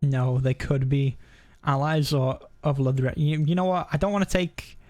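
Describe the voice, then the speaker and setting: A man's voice: on the high side, fairly even intonation, normal speed, a little mellow. A man streaming a game, thinking aloud in casual commentary. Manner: laid-back, thinking aloud.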